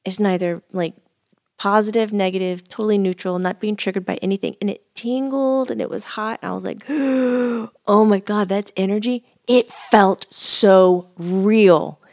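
Podcast co-host, female, giggly anecdote teller, slow, laid-back delivery. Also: mid-range voice, fairly even intonation, darkish tone. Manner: giggly storytelling, bursts of laughter. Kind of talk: casual chat.

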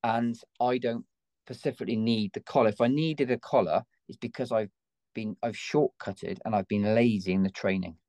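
An English man with a lowish voice and a warm, relaxed tone speaks as a guest. He explains training steps in an emphatic, hands-on way, recorded close and dry. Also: moderate pace, no echo. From England. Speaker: gun dog trainer guest. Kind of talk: conversational interview.

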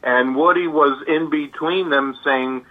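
A male author being interviewed, telling a history in a halting way with many fillers and restarts. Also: a little high. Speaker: author guest. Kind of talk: interview storytelling. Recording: tinny phone line.

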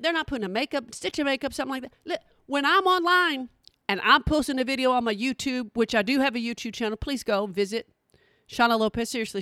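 A woman's voice: sits high, bright, forceful tone, no room sound. Exasperated woman ranting comedically, dry sound. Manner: exasperated, sassy, mocking. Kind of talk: comedic rant to camera.

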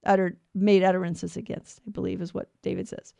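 A woman hosting a radio Bible show, teaching on scripture in an earnest, emphatic way with quick restarts. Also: fairly low pitch, little pitch movement, creaky, warm tone, dry recording.

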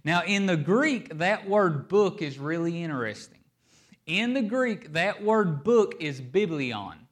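A man preaching a sermon, stressing key words and shifting his pace and loudness for emphasis. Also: a little high, big pitch swings, takes it slowly. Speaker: pastor.

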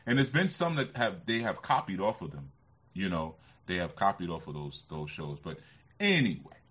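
Rambling, husky livestream host man. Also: deep voice, very animated, moderate pace, a bit bright. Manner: rambling, laughs often, many fillers. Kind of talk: casual livestream chat. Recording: slightly muffled lo-fi sound.

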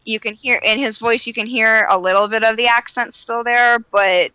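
A podcast guest with a bright, forward tone that stays dry and close. They ramble through their stories, restarting sentences and circling back on themselves. The talk is loose and conversational. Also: medium pitch, steady tone, normal speed, clean tone, dry recording, low-quality recording. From Florida. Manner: rambling, self-correcting, chatty. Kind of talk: casual interview chat.

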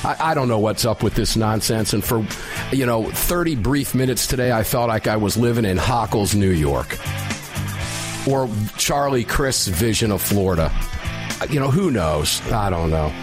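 A middle-aged man hosting a talk radio show, telling a story loudly and emphatically with a sinus infection. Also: fairly low pitch, lively intonation, moderate pace, over music.

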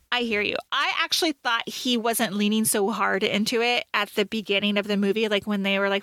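Woman, podcast co-host, casual chat, bright sharp tone, slightly high voice, dry close mic. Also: no echo. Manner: chatty, laughs often, says "like" a lot. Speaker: podcast co-host reviewing a TV movie.

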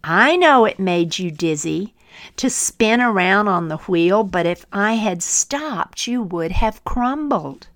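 A woman voicing a gentle, patient potter in a parable, speaking calmly and at times in a whisper. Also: medium pitch, no echo, studio quality. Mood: tender. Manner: calm, measured, sometimes whispered. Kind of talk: storytelling parable.

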